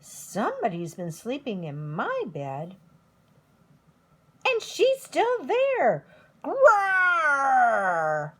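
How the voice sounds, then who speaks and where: A woman voicing a tiny young male baby bear, high and wailing. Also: huge pitch swings, very slow, long pauses, a bit bright, full character voice. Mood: shocked.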